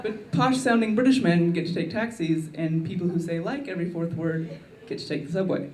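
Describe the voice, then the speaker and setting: A woman doing a stand-up routine with a wry, deadpan delivery in a comedy club. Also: on the low side, a little fast, far from the mic, noisy background. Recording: echoey club miked from afar, crowd laughter.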